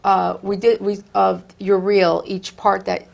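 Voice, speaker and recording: A woman's voice: mid-range voice, little pitch movement, a little slow, creaky, darkish tone. A woman hosting a casual interview, effusive and encouraging toward her guest. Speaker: host.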